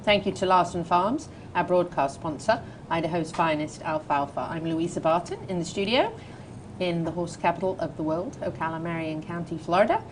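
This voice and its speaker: English woman host, lowish voice, playful and chatty, studio chat with faint background rumble. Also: expressive, a little fast. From England. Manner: chatty, laughs easily, playful. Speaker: talk show host. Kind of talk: casual chat and news reading.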